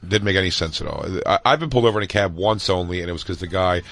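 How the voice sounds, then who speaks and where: Man, low voice, rapid talk, casual profane storytelling. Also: a crowd in the background. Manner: fast-talking, profane storyteller acting out others. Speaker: podcast co-host. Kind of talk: casual chat.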